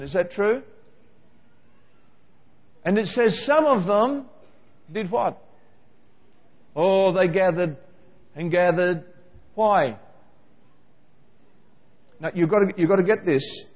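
Guy preaching, pretty high voice, keeps asking the crowd stuff, echoey muffled hall. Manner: animated, questioning the congregation directly. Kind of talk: sermon.

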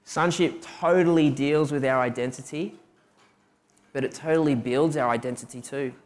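A man's voice: medium pitch, normal speed. A young man preaching a sermon, telling personal stories and asking rhetorical questions. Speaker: preacher giving a testimony.

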